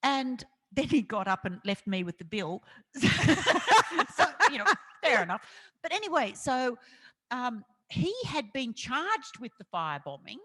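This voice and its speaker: A middle-aged Australian woman, an investigative journalist, telling lively stories with frequent laughter in an on-stage interview. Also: a little high, moderate pace. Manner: animated anecdotal storytelling with frequent laughter. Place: festival event hall. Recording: long hall reverb.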